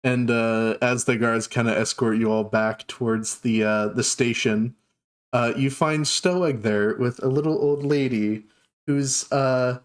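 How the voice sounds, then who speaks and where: A man narrating a live tabletop fantasy game as game master, at a middle pitch. He pauses often with fillers as he describes scenes. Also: fairly even intonation. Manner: halting narration with many fillers.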